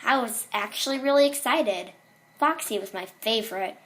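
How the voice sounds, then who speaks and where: A woman's voice: fairly high pitch, moderate pace, fairly bright tone. Woman casually reading a horror story. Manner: casual reading with small slips and restarts.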